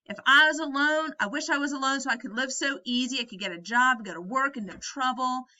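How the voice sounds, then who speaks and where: A woman's voice: fairly high pitch, brisk, pushed and bright, dull audio. A woman reading the lines of an exasperated grown male ranch hand, scolding and ranting.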